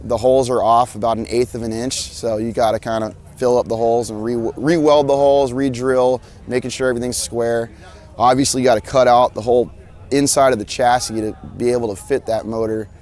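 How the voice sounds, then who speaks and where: Laid-back biker, easy swearing. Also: male voice, mid-range voice, darkish tone. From Alabama, US. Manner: laid-back, swears freely, restarts often. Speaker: motorcycle builder. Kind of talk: casual interview. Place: outdoors at a motorcycle show.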